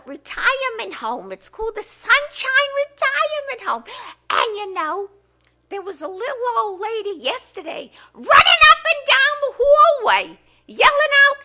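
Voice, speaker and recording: A woman impersonating a sweet, flustered sitcom housewife with a shrill, sing-song voice. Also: pushed and bright, heavily acted.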